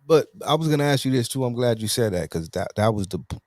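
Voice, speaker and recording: A man's voice: mid-range voice, lively intonation, fast, darkish tone, dry recording, clean studio sound. A man hosting an interview show, asking questions in a laid-back, slangy way and rephrasing as he goes. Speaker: host. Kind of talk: casual interview.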